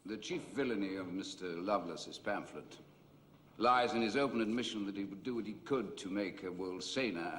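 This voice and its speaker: A defiant lawyer addresses the court in a formal, sardonic way. His very deep voice rings with the long reverb of a large courtroom. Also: a bit bright.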